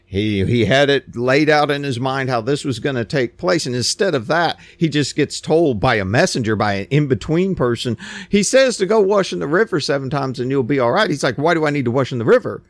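A man preaching a sermon, retelling a scripture story in plain everyday words with animated storytelling. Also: mid-range voice, normal speed, dry recording.

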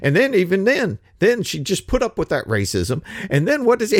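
A man preaching a casual sermon, wry and animated, slipping from scripture into slangy paraphrase. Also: high-pitched, normal speed, dry recording, clean studio sound.

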